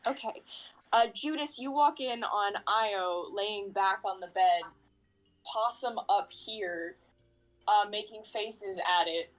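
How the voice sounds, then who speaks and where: A woman narrating as game master in a casual tabletop game, relaxed and self-deprecating. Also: mid-range voice, slow, rough recording.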